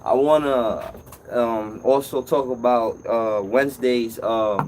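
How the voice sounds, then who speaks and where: Animated man hosting a live call-in. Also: mid-range voice, slow, noisy background. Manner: animated storytelling, acts out customer's voice. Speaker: call-in show host and appliance repair technician. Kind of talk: casual live-stream call-in talk.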